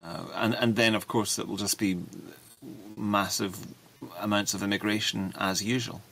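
A man with a deep voice edged with gravel talks as a guest. He stops and restarts his sentences often. He fills the gaps with fillers. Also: fairly even intonation, pushed and bright. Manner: halting, many restarts and fillers. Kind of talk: livestream political discussion.

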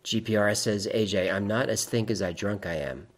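A man's voice: fairly low pitch, brisk. A man hosting a livestream, reading chat aloud in casual talk, wry and rambling, often laughing at his own jokes.

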